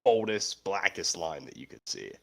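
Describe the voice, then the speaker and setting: A man's voice: sits low, very animated, moderate pace, vocal fry, sharp tone. A young man co-hosting a casual sports podcast from home, sounding stuffy and tired from being sick, telling wry, self-mocking stories. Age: young adult. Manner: wry, self-mocking storyteller with frequent laughs. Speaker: podcast co-host.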